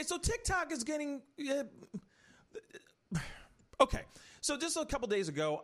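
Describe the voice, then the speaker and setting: An opinionated man hosting an online talk show, his pitch swinging widely as he rambles. He sits at a middle pitch and talks to his viewers in a loose, animated way. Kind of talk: casual commentary show.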